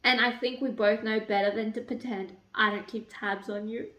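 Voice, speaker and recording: Woman reading cocky young man, blunt, teasing, swearing, fairly high voice. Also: normal speed, reverberant. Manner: read aloud from a novel, slightly lower and flatter than her chatter.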